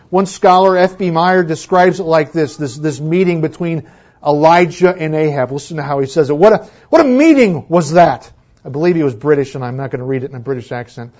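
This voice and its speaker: A man preaches a sermon to his church in a high voice, rising to loud exclamations and dropping to hushed near-whispers. The recording sounds dull and lo-fi. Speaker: pastor.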